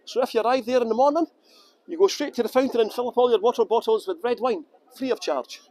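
A man's voice: very high-pitched, quick pace, a little mellow, slight background noise. A Scottish man working as a tour guide, chatting casually and rambling on a phone livestream outdoors in the sun. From Scotland. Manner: rambling, chatty, answers viewer questions with fillers. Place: outdoors in sunny town streets. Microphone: phone held by hand.

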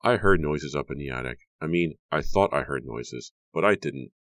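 A man's voice: a bass voice, animated, moderate pace, a bit bright, no echo, studio quality, exaggerated voice. A man reading an audiobook, voicing a nervous, embarrassed teenage girl who stumbles over her words. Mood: flustered. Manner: nervous, flustered, apologetic.

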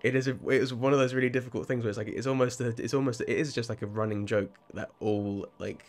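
A man's voice: mid-range voice, fairly even intonation, quick pace. A young English man chatting casually while streaming a game live, rambling, restarting his phrases and laughing often. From England.

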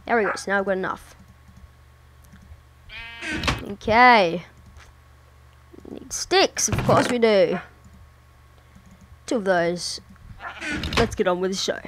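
A woman in the middle of her register drawls through her gameplay, narrating each step and swearing under her breath whenever things go wrong. The recording carries a clear layer of background noise. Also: medium pitch, slow pace, pauses often. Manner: mutters to herself and swears often while playing. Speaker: gameplay commentator. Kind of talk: casual let's-play commentary.

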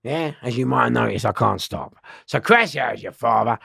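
A man's voice: medium pitch, sing-song, moderate pace, vocal fry, fairly bright tone, husky, no echo. A middle-aged man, telling a story as an interview guest with free swearing, acting out the lines of the people in it. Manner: swearing freely, acts out other people's lines. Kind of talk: animated storytelling.

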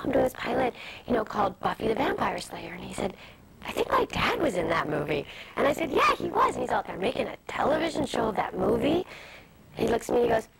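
Young woman, TV interview guest, rapid anecdotal delivery, noisy broadcast audio. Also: mid-range voice, vocal fry. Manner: fast, animated anecdote-telling with many asides. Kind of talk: candid storytelling interview.

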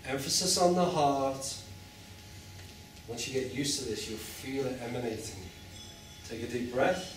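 A man leading a group through a guided chakra meditation with slow, soothing instructions and long chanted tones, in a large room with an audience. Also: mid-range voice, slight background noise. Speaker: meditation teacher. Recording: echoey hall from far off.

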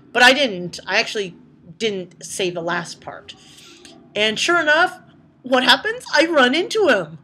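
A woman chatting casually to her vlog audience, swearing a lot as she tells animated stories. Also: fairly high pitch, normal speed, slight background noise. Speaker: vlogger. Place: indoors at night.

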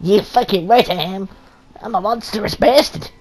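A woman's voice: mid-range voice, moderate pace. A woman co-playing a story game, crude and teasing, laughing and swearing as she talks. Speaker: co-player voicing a ghost companion. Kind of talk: profane casual gameplay chat.

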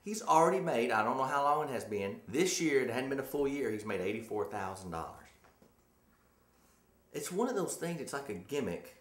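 A man's voice: medium pitch, sing-song, a little fast, a bit bright. A man hosting a casual talk show, telling rambling stories and teasing his co-host. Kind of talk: casual chat. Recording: echoey room.

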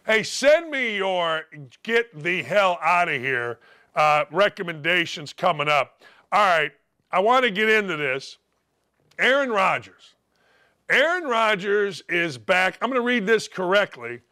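An older man hosting a sports talk show, ranting bluntly and sarcastically in a voice worn gravelly from yelling. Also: sits high, big pitch swings, a little slow. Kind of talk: opinionated sports radio rant.

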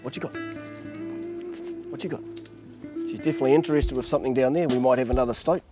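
A man's voice: medium pitch, racing, music in the background. A man with a New Zealand accent, a predator trapper explaining his work outdoors, plain-spoken and practical. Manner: plain-spoken, practical, calls people mate. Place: outdoors in the bush.

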